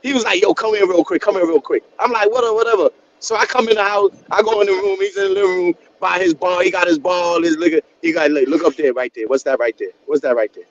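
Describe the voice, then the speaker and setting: A man with a Boston accent, co-hosting a sports podcast, telling loud trash-talk stories with frequent laughter. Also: high-pitched, fairly even intonation, fast, hardly any pauses, highs cut off. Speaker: podcast co-host. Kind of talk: casual sports banter.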